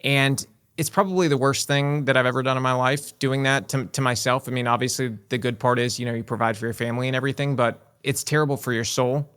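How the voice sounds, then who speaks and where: In a casual interview, a male guest in his forties talks earnestly, often tossing in "right?" and "you know." His medium-pitched voice is steady, smooth, and a bit bright, and he speaks fast.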